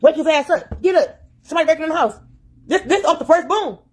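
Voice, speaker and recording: Fast, high-pitched ranting woman. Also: animated, slight background noise. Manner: agitated, cursing, repeating herself. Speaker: caller in a played video. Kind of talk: furious profane rant.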